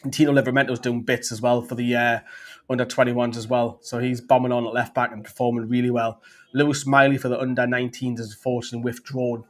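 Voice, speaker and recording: A man rambles through a live fan stream, reading comments and chatting about the club. His talk is loose and casual, full of fillers and restarts, at a middling pitch. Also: level tone, quick pace. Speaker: fan channel host.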